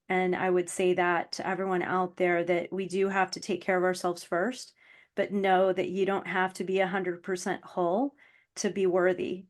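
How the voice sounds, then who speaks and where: A woman guest on an interview podcast, speaking earnestly and from the heart, with frequent ums. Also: lowish voice. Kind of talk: casual interview chat.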